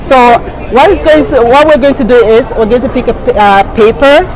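A woman's voice: on the high side, fairly quick, music in the background. A woman with a strong Nigerian accent hosting a playful, laughing vlog with friends on a restaurant patio. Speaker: vlogger host. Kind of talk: casual vlog chat. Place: busy outdoor restaurant patio. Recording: noisy crowd around.

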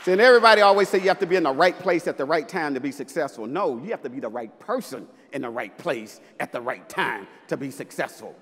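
A man from Mississippi, a basketball coach giving a punchy, playful talk on stage with bursts of loud emphasis. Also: on the high side, expressive, quick pace, hardly any pauses, long reverb tail, a faint crowd. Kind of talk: live inspirational stage talk. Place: large festival venue with audience.

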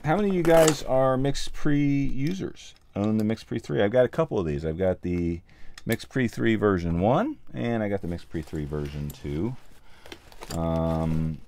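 Man, lowish voice, casual livestream host, chatty, lots of ums, slightly out of breath. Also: expressive, unhurried, mellow, slight background noise. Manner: chatty, thinks aloud with many ums. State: a little out of breath. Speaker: livestream host, sound mixer. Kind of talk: casual livestream chat while building gear.

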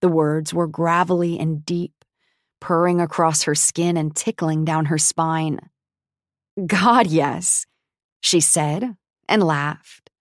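A woman narrating an audiobook in a wry, expressive, lightly comic style. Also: low voice, takes it slowly, no echo, studio quality. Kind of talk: scripted narration.

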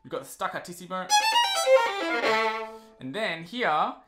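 A man's voice: high-pitched, animated, measured pace, loud music behind the voice. A man teaching a violin lesson, patiently explaining each step between passages he plays. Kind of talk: instrumental lesson. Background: violin playing.

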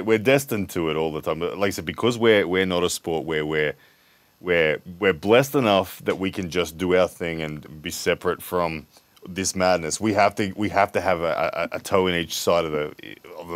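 Deep man with halting speech. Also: no room sound. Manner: halting, repeats words. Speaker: podcast co-host. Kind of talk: casual podcast chat.

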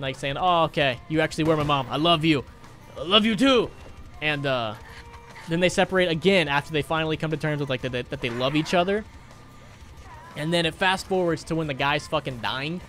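A young man with a slightly high-pitched voice, chatting loosely and profanely on a gaming stream. He rambles, restarts his sentences and swears constantly. Faint game music plays under his voice. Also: a bit bright. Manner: profane, rambling, emotional, reads out chat donations. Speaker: gaming livestreamer. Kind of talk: casual live-stream chat.

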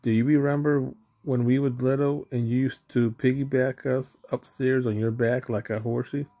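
A man's voice: mid-range voice, little pitch movement, moderate pace, dark tone, lightly acted. A man reading a pleading little girl cub.

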